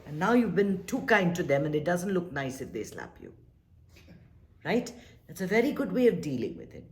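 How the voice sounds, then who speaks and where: A woman with a low voice leads a meditation class, her delivery swinging widely as she coaxes listeners toward calm. She talks earnestly and slips into little acted-out quotes. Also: moderate pace. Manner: earnest, gently coaxing, acts out little quoted exchanges. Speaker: meditation teacher.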